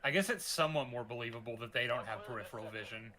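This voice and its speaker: A man's voice: medium pitch, fast, sharp tone. A man from Texas chatting on a gaming stream with a dry, skeptical manner. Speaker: livestream guest. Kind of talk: casual livestream chat.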